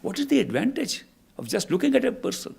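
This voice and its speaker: A man voicing a male sage who anxiously asks questions, his voice gravelly and husky, rising on each question. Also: extremely high pitch, wildly swooping pitch, fast, darkish tone, pitched above the performer's own voice, full character voice. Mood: puzzled.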